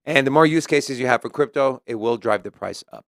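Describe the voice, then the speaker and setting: A man co-hosts a crypto news stream, reading articles aloud and adding his own commentary. His voice is smooth and resonant. The sound is dry and close, with no room echo. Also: medium pitch, a little fast, fairly bright tone. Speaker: co-host. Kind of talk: casual crypto news chat.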